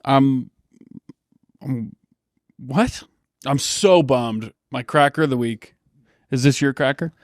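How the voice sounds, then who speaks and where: A man co-hosting a podcast, recounting a bad ride in an animated, incredulous way. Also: mid-range voice, slow, pauses often, no echo, clean studio sound. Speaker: podcast co-host. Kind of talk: casual storytelling chat.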